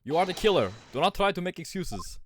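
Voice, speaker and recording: A man's voice: high voice, sing-song, racing, pushed and bright, slight background noise, voice pushed up, exaggerated voice. A man voicing a stern adult male ship officer with a heavy, put-on Russian accent, talking in a menacing, accusing way.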